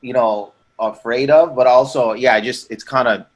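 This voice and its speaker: A man and comedian in casual podcast banter, speaking haltingly with restarts and firing back with profane comebacks. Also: mid-range voice, muffled recording. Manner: halting, self-doubting, quick profane comebacks. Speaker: comedian guest.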